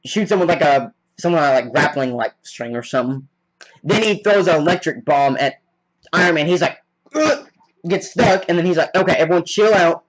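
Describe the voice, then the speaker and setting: A man excitedly recapping a film scene by scene in a casual, rambling way, full of "like". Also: a little high, a little fast, lo-fi sound. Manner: rambling, heavy on "like" fillers; excitable fan. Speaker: movie reviewer.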